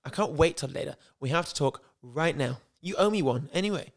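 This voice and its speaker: Man doing a high, stilted melodramatic young woman, posh English accent sliding into American. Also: animated, brisk, gravelly. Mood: dramatic. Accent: posh English drifting into American. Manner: melodramatic, stilted script reading. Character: overwrought young woman on the phone.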